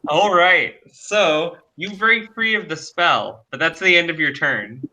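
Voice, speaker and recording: A man running a tabletop game as game master, unhurried and laughing often. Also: on the high side, pushed and bright, slight background noise.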